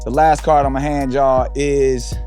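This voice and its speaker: A man's voice: medium pitch, flat delivery, unhurried, mellow, soft background music. A man hosting a card game show, laid-back and slangy, laughing between rules and questions. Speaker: host. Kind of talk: casual hosting chat.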